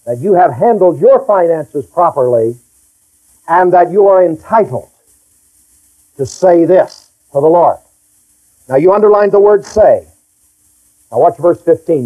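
A man's voice: a little high, warm tone, low-quality recording. A middle-aged male pastor preaching a folksy, emphatic sermon and reading scripture aloud.

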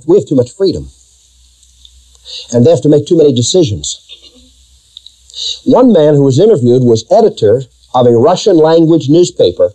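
A man's voice: mid-range voice, dark tone, rough recording. A man preaching a sermon, emphatic and fond of rhetorical questions to his congregation. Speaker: pastor.

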